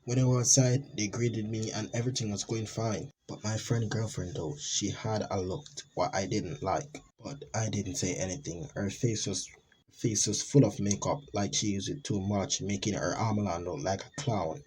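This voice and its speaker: A man's voice: on the low side, steady tone, moderate pace, darkish tone, slight background noise, low-quality recording. A man narrating an amateur horror story in a rambling, dramatic, unpolished way.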